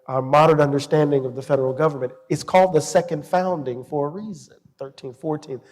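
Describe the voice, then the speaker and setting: A man's voice: a little high, a little fast. A middle-aged man speaking as a guest scholar in an interview, telling stories with passion and reflecting aloud. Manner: passionate storyteller, animated and reflective. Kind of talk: interview conversation. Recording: reverberant hall.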